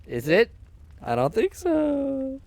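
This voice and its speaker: A young man chatting casually on a game stream, with deadpan, jokey delivery. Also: very high-pitched, takes it slowly, creaky, no room sound.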